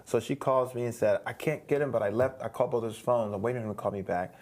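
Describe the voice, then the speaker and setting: A man's voice: medium pitch, fast, darkish tone. A middle-aged man, a guest on an interview show, animatedly telling a story, acting out quoted voices, with frequent restarts.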